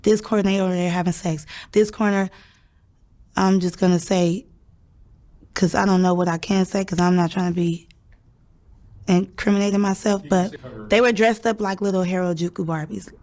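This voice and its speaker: A young woman with a middle-pitched voice tells a story in a casual, chatty way. She acts out the lines of the people she quotes. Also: steady tone, normal speed, darkish tone. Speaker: interview guest telling a story.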